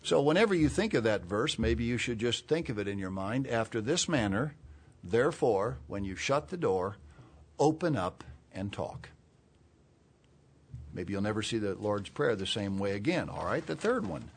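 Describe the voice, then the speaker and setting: A man preaching a sermon. He explains words slowly and clearly, then builds to urgent, emphatic calls. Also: fairly low pitch, big pitch swings. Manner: expository, spells out Greek words, rises to urgent emphasis.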